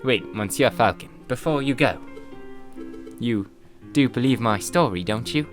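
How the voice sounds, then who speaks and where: A man's voice: medium pitch, expressive, measured pace, faint music behind, close to an everyday voice. A man reading as a refined noble lady bird. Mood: pleading.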